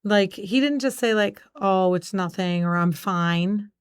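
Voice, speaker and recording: A woman's voice: medium pitch, a little slow, clear, resonant tone, no room sound. A woman in her forties co-hosting a casual chat podcast, talking in a chatty, storytelling way with many "like" fillers. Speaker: podcast co-host.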